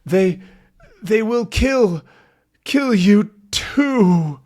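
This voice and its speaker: A man's voice: high-pitched, lively intonation, very slow, darkish tone, pitched above the performer's own voice, full character voice. Brief: shot middle-aged man, acted by a man, gasping strained warnings. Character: wounded middle-aged man in a suit, fading.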